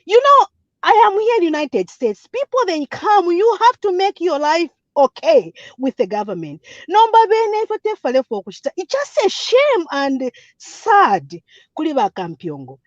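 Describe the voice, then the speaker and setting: A woman's voice: extremely high pitch, huge pitch swings, moderate pace, no echo. A woman calling in with emphatic, repetitive political comments, switching between languages. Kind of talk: impassioned political call-in comment. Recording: dull, dry lo-fi line.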